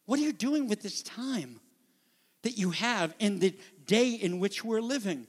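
High-voiced pastor preaching, big echoey church hall, goes quiet then gets all urgent. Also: male voice, big pitch swings, moderate pace. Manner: dramatic, drops to a near whisper for quiet passages and rises to urgent calls. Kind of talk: sermon. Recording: long hall reverb.

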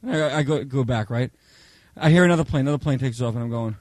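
A man preaching a Bible study, telling humorous personal stories in a chatty, animated way, often checking in with "okay?". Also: mid-range voice, quick pace, dry recording. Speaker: pastor teaching a Bible study.

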